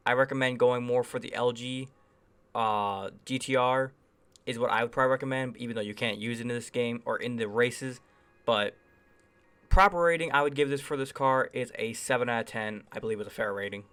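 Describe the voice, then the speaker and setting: A man with a medium-pitched, fairly bright, clear, and resonant voice hosts a gaming channel. He rambles casually and enthusiastically through game reviews, often hedging with phrases like "I would say."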